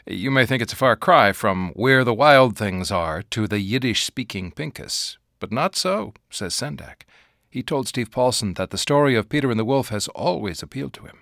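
A man's voice: medium pitch, vocal fry, fairly bright tone, dry recording, studio quality. A man presenting a scripted introduction on a radio show.

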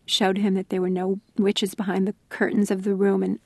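A middle-aged woman, an author being interviewed, telling stories in a thoughtful, soft-spoken way that sometimes sinks to a near-whisper. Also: mid-range voice, completely flat delivery, normal speed, no room sound. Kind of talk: reflective interview storytelling.

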